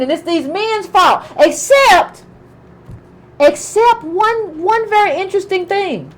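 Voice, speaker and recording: A woman's voice: very high-pitched, lively intonation, slow, poor audio. A middle-aged woman giving political commentary in an emphatic way, repeating herself and asking pointed questions.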